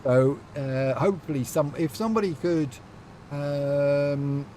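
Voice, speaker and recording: A man's voice: fairly high pitch, measured pace, dark tone, slight background noise. A young man streaming a farming game, chatting playfully and sassily with lots of fillers. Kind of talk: casual live-stream chat while gaming.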